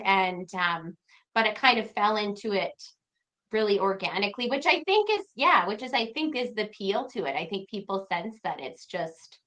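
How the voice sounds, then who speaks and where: A woman guest on a podcast, chatting casually and telling animated stories with frequent laughter. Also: medium pitch. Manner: animated storyteller, laughs often. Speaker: podcast guest, home renovation creator.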